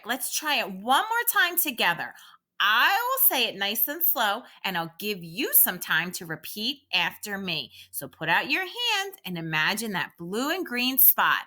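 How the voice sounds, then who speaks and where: A woman teacher reads aloud to young children at an unhurried pace, leading a calming exercise in a sing-song way. Her voice is bright and clear, and it rises and falls a great deal. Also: a little high.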